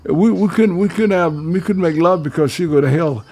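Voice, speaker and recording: Older male radio host, raspy and fairly high-pitched, preachy monologue style. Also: normal speed, dark tone. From Georgia, US. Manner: preachy, advice-giving, addresses listeners as fellas.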